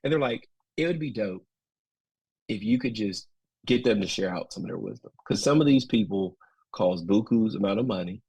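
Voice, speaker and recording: Husky Southern man telling stories. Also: lowish voice, moderate pace, no room sound, low-quality recording. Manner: folksy, animated, quotes others in lively voices. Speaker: podcast guest, school administrator. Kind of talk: casual interview storytelling.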